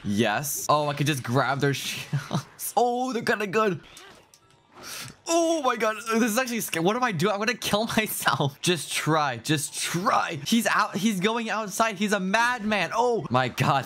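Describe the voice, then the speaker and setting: A man giving excited, jumpy commentary over his own gameplay, laughing often and talking back to the game. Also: high-pitched, moderate pace, soft background music. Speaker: gaming video host.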